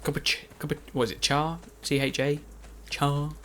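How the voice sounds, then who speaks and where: A man's voice: fairly high pitch, flat delivery, moderate pace, fairly bright tone, slight background noise. Rambling man commenting on a game. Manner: chatty, rambling, self-mocking. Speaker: Let's Play commentator.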